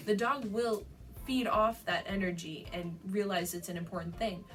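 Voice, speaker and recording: A woman's voice: on the low side, moderate pace, distant mic, faint music behind, poor audio. A young adult woman giving dog training advice in a casual vlog, chatty, with frequent laughs and fillers.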